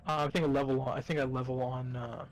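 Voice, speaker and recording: A man's voice: mid-range voice, little pitch movement, fast, soft background music, rough recording. A man playing in a tabletop game, chatting casually, grumbling and swearing at his results. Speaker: player. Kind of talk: tabletop game session chat.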